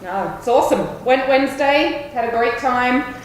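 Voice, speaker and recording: A woman's voice: sits high, expressive, normal speed. A woman co-hosting a pub talk show, upbeat and casual with um fillers. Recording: very echoey pub with faint noise.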